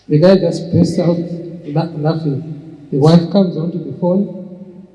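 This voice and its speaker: A man's voice: a little high, fairly even intonation, slow pace, pauses often, muffled recording. Older man telling stories in an echoey hall. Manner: anecdotal, with frequent restarts. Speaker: entrepreneur and speaker. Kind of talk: storytelling talk.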